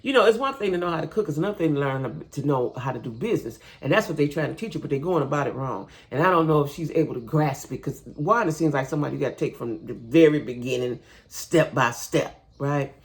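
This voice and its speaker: A woman's voice: low voice, expressive, quick pace, few pauses. A woman giving a casual, chatty recap of a reality TV show, talking straight to her viewers and often checking in with a "right?". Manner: chatty, addresses viewers as "y'all", frequent "right?".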